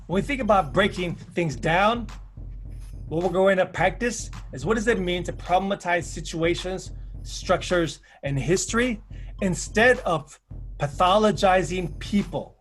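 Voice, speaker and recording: Speaking as a panel presenter, this man uses a high, fairly bright voice. His presentation rides on rhythmic, emphatic phrases he repeats, along with stories featuring acted-out quotes.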